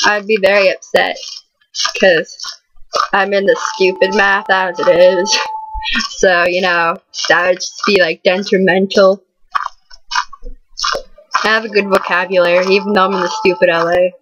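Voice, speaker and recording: A woman's voice: mid-range voice, steady tone, a little slow, pauses often, a bit bright. A teenage girl rambling and giggling through horror game commentary, stuffed with fillers and breaking into panicky outbursts. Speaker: gaming channel host. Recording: dull lo-fi recording with clear background noise.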